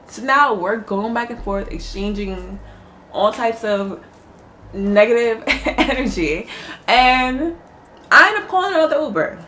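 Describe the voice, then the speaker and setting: A woman telling a personal story in a casual vlog, animated, laughing often and swearing freely. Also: a little high, unhurried, a little hiss or hum.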